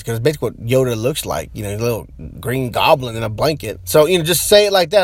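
A man's voice: medium pitch, animated, fast, hardly any pauses, no room sound. A man hosting a podcast, rambling loosely in casual chat and talking straight to his listeners. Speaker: podcast host.

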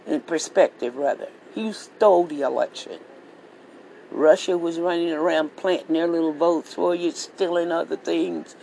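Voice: medium pitch, gravelly, a little mellow, a little hiss or hum, low-quality recording. A vlogger delivering a heated political rant monologue, swearing freely and repeating phrases for emphasis. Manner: profane, repetitive, heated ranting.

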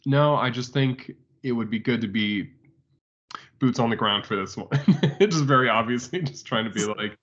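A man's voice: medium pitch, moderate pace, a bit bright, dull audio. Giggly man riffing in a casual chat. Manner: laughs often, riffs with jokey impressions. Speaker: podcast co-host.

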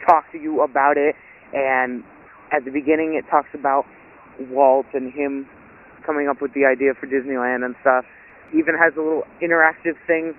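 A man calling in to a podcast with a casual report, excited and chatty and laughing often, heard over a phone line. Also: fairly high pitch. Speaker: caller, podcast co-host. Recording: tinny phone line with hiss.

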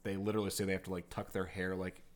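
Man, very low voice, conversational podcast co-host, rambling storyteller. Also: completely flat delivery, very fast. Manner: rambling, heavy use of "like". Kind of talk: casual storytelling chat.

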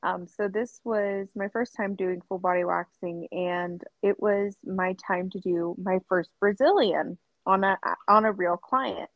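A young woman telling a work story on a podcast, animated, laughing and acting out quotes with lots of fillers. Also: mid-range voice, a little slow, hardly any pauses, no room sound. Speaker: podcast co-host. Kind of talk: casual storytelling chat. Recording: slightly dull dry sound.

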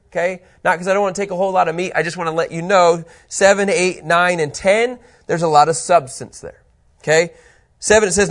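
High-voiced, animated man teaching Bible. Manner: animated, conversational, asks rhetorical questions.

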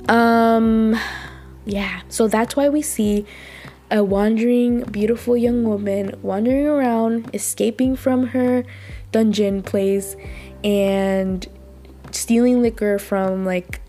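A woman's voice: fairly high pitch, steady tone, slow, mellow, faint music behind. A woman, slightly under the weather, chatting casually in a rambling, self-deprecating way as she reviews a drama. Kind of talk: casual vlog recap.

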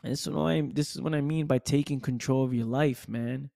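A man's voice: medium pitch, steady tone, brisk, gravelly, mellow, dry recording, clean studio sound. A man giving an emphatic motivational monologue, repeating himself and dropping "right?" and "man" asides. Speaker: motivational speaker.

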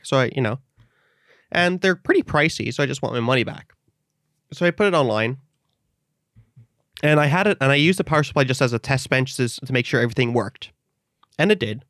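Animated man telling a story, dry close sound. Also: medium pitch, fairly quick, pauses often, no echo. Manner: animated storytelling, acts out quoted voices. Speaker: storyteller in group chat. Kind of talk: casual podcast chat.

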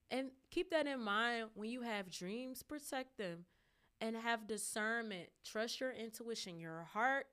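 A woman hosting a solo podcast, musing softly, then bursting into loud, emphatic declarations and repeating phrases for emphasis. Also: mid-range voice, smooth. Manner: impassioned, preachy, swings between soft musing and loud emphatic outbursts. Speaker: podcast host. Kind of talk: solo reflective podcast monologue.

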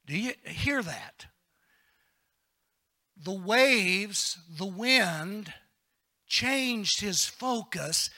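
A pastor with a high-pitched voice preaches a sermon, swinging between hushed, whispered lines and loud, shouted passages while asking the congregation to respond.

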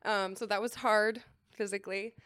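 A chatty young woman from California talks as a podcast guest, leaning on fillers and breaking into laughs. Her voice sits at an ordinary middle pitch. The sound is dry and close, with no room around it. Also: fairly even intonation, moderate pace, fairly bright tone, smooth, dry recording. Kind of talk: casual podcast chat.

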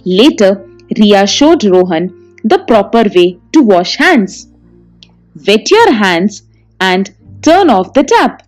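A woman narrating a children's story, slow and clear in a sing-song way. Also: mid-range voice, very animated, darkish tone, soft background music.

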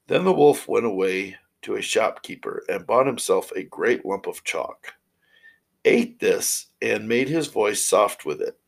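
A man reading old fairy tales aloud in a steady, measured way. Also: on the low side, vocal fry, low-quality recording. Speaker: storyteller.

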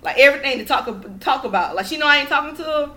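A woman's voice: high-pitched, expressive, very fast, pushed and bright. A woman guest on a podcast in casual chat, telling a story in a heated, profane way.

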